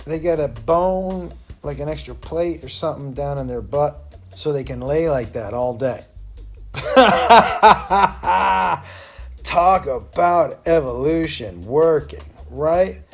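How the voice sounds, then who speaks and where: Male comedy host, higher-pitched, crude rambling storyteller, laughs a lot, faint music behind. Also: animated, takes it slowly, creaky. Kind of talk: loose stand-up storytelling.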